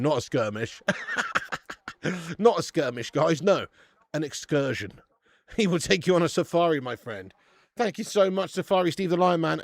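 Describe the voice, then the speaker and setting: A man hosting a casual live football watch-along stream, chatty and excitable, often laughing and loudly greeting viewers. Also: on the high side, no echo.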